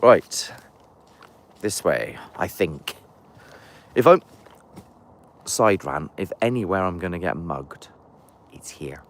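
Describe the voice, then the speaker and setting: Easygoing guy, low voice that swings up and down, chatty jokey asides, phone mic outdoors. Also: lively intonation, takes it slowly, pauses often. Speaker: paranormal investigator, live streamer. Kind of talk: live walking vlog. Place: outdoors in woodland.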